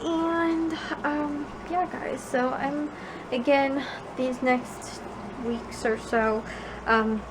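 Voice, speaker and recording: Young woman vlogger rambling with "like"s. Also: a little high. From Chicago suburbs, USA. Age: young adult. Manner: rambling, filler-heavy, with many "like"s. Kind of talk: casual chat to camera. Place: bedroom at home at night. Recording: noisy home recording.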